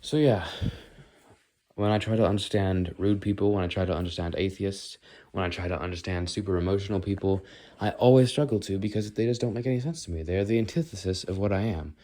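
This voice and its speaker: Talking on the move for a casual vlog, a teenage boy speaks fairly quickly in a low voice with a dark tone. He rambles as he walks, thinking aloud and often stopping in the middle of a thought.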